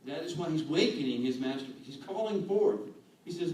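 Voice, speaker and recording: A man giving an animated sermon as a guest speaker, acting out quoted voices. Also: on the high side, brisk. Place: church hall. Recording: echoey hall, distant mic, faint room noise.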